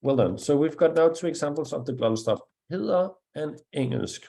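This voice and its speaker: A man with a Danish accent, a native Danish speaker, teaching pronunciation one-on-one, patient and encouraging as he slowly demonstrates each sound. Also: on the high side, animated, creaky, warm tone. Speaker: language teacher.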